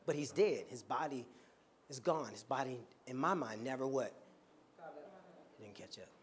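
A man preaching a storytelling sermon to his congregation, animated and joking and laughing often as he talks. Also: medium pitch, normal speed. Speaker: pastor. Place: church before a congregation.

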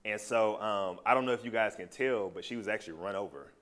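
A man sharing a personal testimony with a small group, telling his story in a loose, animated and heartfelt way. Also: fairly low pitch, brisk.

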